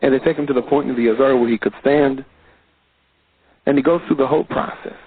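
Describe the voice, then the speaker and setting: A man, a rabbi, telling a story in an animated sermon, his pitch sweeping widely. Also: brisk, breathy edge, no room sound. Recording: tinny phone-like audio.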